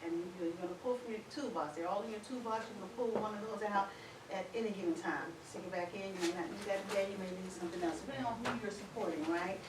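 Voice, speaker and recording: A woman's voice: mid-range voice, fast talker. A woman leading a conference workshop as facilitator, chatty and encouraging as she affirms the group. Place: conference room. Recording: echoey room from far off, background noise.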